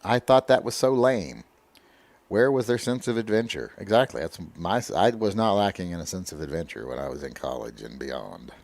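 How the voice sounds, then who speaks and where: A man's voice: low voice, sing-song, moderate pace, gravelly, darkish tone, no echo. A man hosting a casual livestream chat, answering viewer comments in a blunt, opinionated, lecturing way. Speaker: livestream host.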